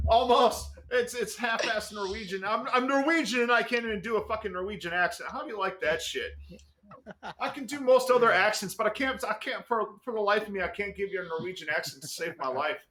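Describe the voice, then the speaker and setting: A man co-hosting a casual livestream chat, loud and laughing often, with plenty of swearing. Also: high voice, fairly quick. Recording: roomy echo.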